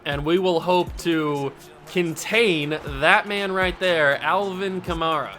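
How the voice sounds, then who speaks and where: A bright, high-voiced man calling his own football video game as it plays. He is animated and jokey, and he breaks into mock outrage, with faint music behind him. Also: slow pace. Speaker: gaming YouTuber host. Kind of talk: live gameplay commentary.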